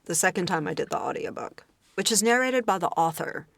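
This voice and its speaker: A woman speaks as a guest on a casual book podcast in a fairly low voice. She is agreeable and laughs easily as she chats. The recording is dry and close. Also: lively intonation, fairly quick, creaky, no echo.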